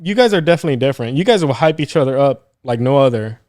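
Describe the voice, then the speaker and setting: A man's voice: mid-range voice, animated, rapid-fire, a little mellow. Blunt joking man on a podcast. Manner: blunt, joking, acts out quotes. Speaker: podcast co-host. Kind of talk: casual podcast banter.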